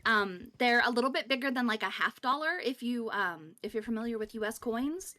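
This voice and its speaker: A woman's voice: a little high, expressive, brisk, sharp tone. A woman co-hosting a game stream, friendly and explanatory in casual chat. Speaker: co-host.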